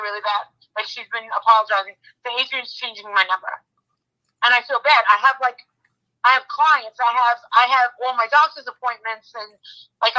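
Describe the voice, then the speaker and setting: A woman's voice: on the high side, bright, forceful tone, rough recording. A woman YouTuber chatting casually, retelling events in a rambling, blunt way with lots of restarts and some swearing. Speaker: true-crime YouTuber. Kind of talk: casual chat.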